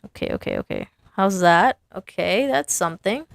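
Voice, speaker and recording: A woman's voice: medium pitch, huge pitch swings, moderate pace, vocal fry, no echo, studio quality. A woman sign designer casually talking through her work, chatty and self-amused, thinking aloud as she designs. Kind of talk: casual design commentary while working.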